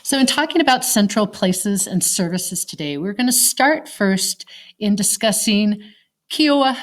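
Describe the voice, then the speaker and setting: A woman's voice: mid-range voice, animated, unhurried. A woman teacher giving a recorded online lecture in a conversational way, putting questions to her class. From Colorado, United States.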